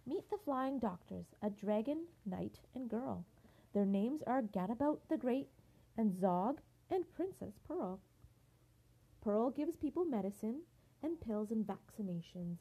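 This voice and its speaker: A woman's voice: medium pitch, animated, a little slow, vocal fry, warm tone, husky, rough recording. A woman reading a rhyming picture book aloud for her family in a sing-song way.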